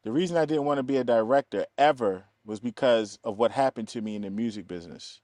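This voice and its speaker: Man from telling lively stories. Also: medium pitch, fast, no echo, studio quality. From East Baltimore, USA. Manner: animated, acts out quoted voices, laughs often. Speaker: film producer, guest. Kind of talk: casual interview storytelling.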